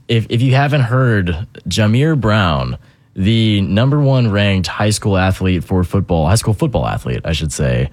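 A man's voice: on the low side, a little mellow, dry recording. A man hosting a sports radio show in casual, upbeat chat, laughing easily with his co-host.

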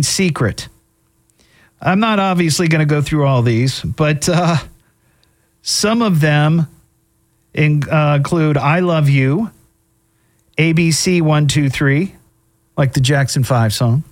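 A man's voice: a little high, slow, long pauses. A middle-aged man hosting a show, casually commenting on odd news stories with wry asides and frequent fillers. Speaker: host.

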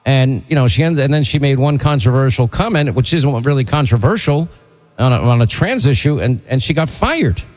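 A man's voice: mid-range voice, a little fast, big-room sound. A man hosting a talk show, telling stories and delivering indignant commentary. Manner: animated, indignant storytelling. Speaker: TV host.

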